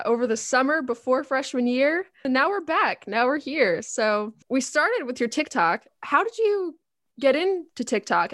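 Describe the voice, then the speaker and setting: A woman's voice: fairly high pitch, no room sound, clean studio sound. A young woman co-hosting a podcast, talking in an emphatic, enthusiastic casual way. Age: young adult. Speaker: podcast co-host.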